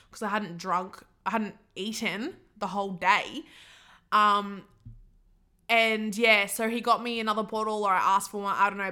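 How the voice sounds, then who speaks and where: A woman's voice: medium pitch, pushed and bright. A young woman, hosting a podcast and telling stories in a rambling, giggly way full of "like". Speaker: podcast host. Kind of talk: casual storytelling monologue.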